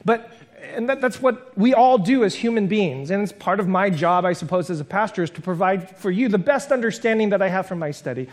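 A man's voice: sits high, a little fast. A man preaching a sermon as pastor, reflective and conversational, building long spoken lists and stopping for self-deprecating asides.

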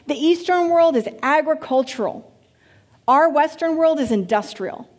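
A woman pastor teaching a church congregation in an animated way, asking the room questions. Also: high-pitched, unhurried.

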